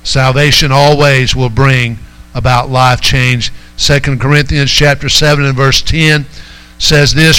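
A man's voice: mid-range voice, fairly bright tone, clear, resonant tone, poor audio. A man preaching a sermon as pastor, driving his points home and calling out to the congregation. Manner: preaching with rising emphasis and call-outs to the congregation.

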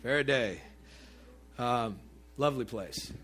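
A man preaching a sermon to his congregation in a conversational, animated way, with asides to the listeners. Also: mid-range voice, takes it slowly, husky. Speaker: pastor.

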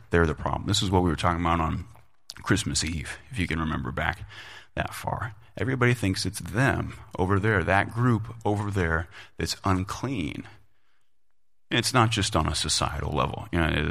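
A man delivers a sermon in an easy, conversational manner. His voice sits very low and has a gravelly fry, and he often repeats a word to drive a point home. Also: a bit bright. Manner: conversational, repeats words for emphasis. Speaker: pastor.

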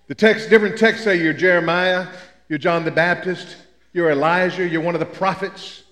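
A man's voice: high-pitched, steady tone, a little fast, fairly bright tone. An older man from Memphis, preaching a sermon with folksy, humorous storytelling. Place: church sanctuary. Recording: echoey church hall.

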